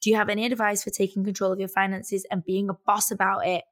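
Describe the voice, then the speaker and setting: A woman's voice: medium pitch, flat delivery, quick pace. A woman co-hosting a podcast in casual chat, playful and laughing, reading listener letters aloud. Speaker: podcast co-host.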